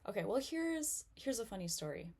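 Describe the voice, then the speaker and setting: A woman's voice: fairly high pitch, big pitch swings, a little fast, a little mellow. A young woman doing a self-deprecating stand-up comedy set, chatty and full of fillers. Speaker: stand-up comic.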